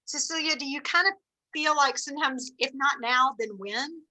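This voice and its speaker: Middle-aged woman, high voice, bright tone, animated encouraging storyteller, video call. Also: normal speed, low-quality recording. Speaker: sales director leading a team meeting. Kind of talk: motivational team meeting talk.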